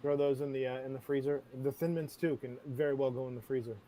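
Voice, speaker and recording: A man's voice: medium pitch, fairly even intonation, fast talker, warm tone. A man hosting a casual chat, playful, throwing out bold opinions and laughing often. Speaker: host.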